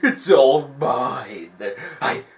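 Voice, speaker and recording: A man's voice: medium pitch, lively intonation, drawn-out words, echoey room, slight background noise. A man voicing a scheming male sorcerer villain who gloats greedily and wails dramatically. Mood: greedy. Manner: greedy gloating, then wailing outburst.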